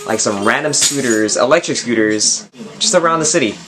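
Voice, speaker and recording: A man's voice: mid-range voice, fairly quick, fairly bright tone, slight background noise. A man hosting a casual vlog, hyped and jokey, talking in slang while out and about in a car. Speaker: vlogger host.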